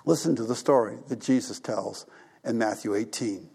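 A male pastor preaching a sermon, retelling a story with lively emphasis and acted-out dialogue. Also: lowish voice, normal speed, gravelly, husky. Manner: animated, acts out characters' voices.

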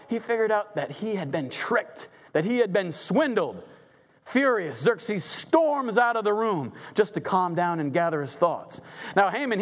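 A man's voice: high voice, a bit bright. A man telling a Bible story as a preacher, dramatic and conversational, acting out the characters. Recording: long hall reverb.

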